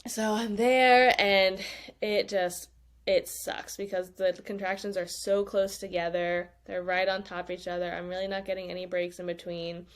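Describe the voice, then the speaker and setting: A woman's voice: mid-range voice, little pitch movement, moderate pace. A woman, a podcast guest, telling a personal story in casual talk and acting out her own past lines. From United States.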